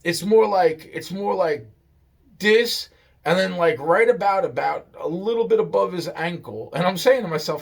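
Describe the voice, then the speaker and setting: A man's voice: high voice, normal speed, gravelly, husky. Male storyteller, casual and profane, loose rambling delivery with lots of restarts.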